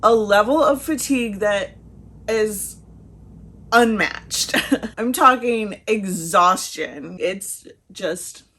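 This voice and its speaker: A woman's voice: mid-range voice, slow pace, fairly bright tone, slightly rough. Breathless chatty woman vlogger. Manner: chatty and laughing. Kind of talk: casual talk to camera.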